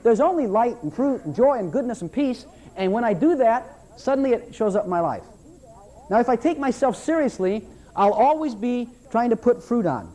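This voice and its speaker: A man preaching a sermon to his church, animated and repetitive, breaking into mocking voices for his listeners. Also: very high-pitched, normal speed. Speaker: pastor.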